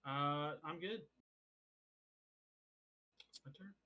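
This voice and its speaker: A man's voice: a little high, lo-fi sound. A man playing in a tabletop game who calls out his actions in a matter-of-fact way. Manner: matter-of-fact, quick about his turn.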